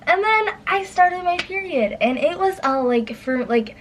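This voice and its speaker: A woman's voice: lively intonation, moderate pace, few pauses, slight background noise, low-quality recording. Rambling young woman telling a story. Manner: rambling, full of "like" fillers; acts out her own past lines in a higher voice. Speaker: guest storyteller. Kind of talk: casual story time chat.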